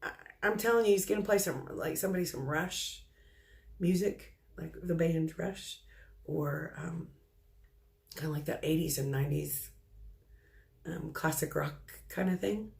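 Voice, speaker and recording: A woman psychic medium relaying spirit messages off the cuff, halting and full of ums. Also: deep voice, vocal fry.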